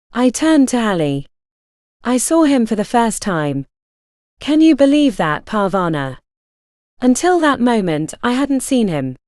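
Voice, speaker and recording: A woman reads a first-person story aloud in an intimate, confessional tone. Her pitch moves a lot, and her voice sits at a middle height. The recording is dry and close, with no room sound. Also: dark tone, no room sound. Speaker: narrator.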